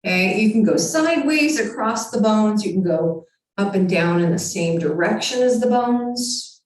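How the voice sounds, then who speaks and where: A woman leads a yoga lesson in a calm, encouraging voice, cueing each movement step by step. She sounds some way from the microphone. A strong echo hangs around her in the room. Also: mid-range voice, normal speed. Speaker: yoga teacher. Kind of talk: guided yoga instruction. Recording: very echoey room, far from mic.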